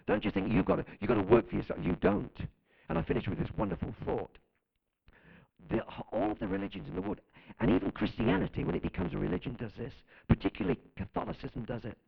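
A man's voice: high-pitched, big pitch swings, quick pace, vocal fry, dull audio. A man preaching a sermon as pastor, fervent and emphatic, calling out to his congregation.

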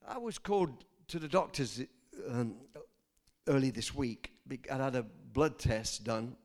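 An older man preaching a sermon, telling personal stories and swinging from soft asides to loud emphasis. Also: mid-range voice, measured pace.

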